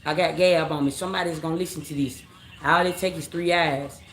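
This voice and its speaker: A woman's voice: deep voice, fairly even intonation, brisk. A woman reading tarot on a late-night live stream, talking casually in slang, rambling, repeating herself and calling her viewers family. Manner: rambling, repeats phrases, scolds commenters. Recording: roomy echo with faint background noise.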